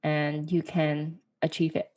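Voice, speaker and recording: Woman, podcast co-host, low-ish voice, encouraging, casual. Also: little pitch movement, takes it slowly. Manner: warm encouraging, with small fillers. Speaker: podcast co-host, sonography student.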